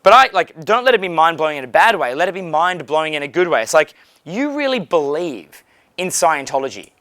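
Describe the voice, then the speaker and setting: A blunt, animated man coaching on dating, swearing freely in a somewhat high voice. The sound is dry and close, with no room echo. He talks loosely and directly, as if to a friend. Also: fast talker. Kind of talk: casual coaching monologue. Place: hotel.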